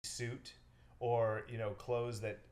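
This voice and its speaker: A man's voice: mid-range voice, slow pace. A young man, a real estate agent, telling stories in a casual interview and acting out the people in them. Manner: animated storyteller, acts out quotes.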